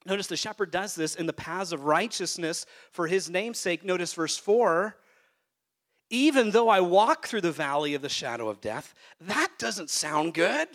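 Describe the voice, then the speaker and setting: A man who is a pastor, preaching a sermon to a congregation and swinging between hushed, soft phrases and loud, emphatic peaks. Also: high-pitched, expressive, normal speed. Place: church sanctuary.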